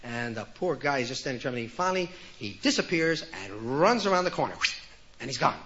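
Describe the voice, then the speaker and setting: A man telling jokes in an animated storytelling way, acting out the characters, on an old lo-fi comedy record. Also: medium pitch, brisk, a little hiss or hum. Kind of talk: joke telling.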